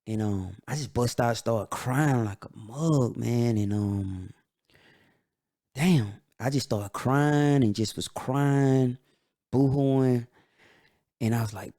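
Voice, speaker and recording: A man hosting a podcast, telling a personal story in a candid, halting way. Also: lowish voice, warm tone. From Atlanta, USA. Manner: candid, halting, emotional retelling. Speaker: podcast host.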